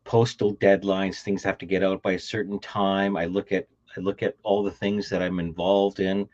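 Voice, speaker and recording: Low-voiced Canadian man, rambling co-host. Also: little pitch movement, normal speed, darkish tone, lo-fi sound. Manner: rambling, repeats words and restarts. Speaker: podcast co-host. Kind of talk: casual chat.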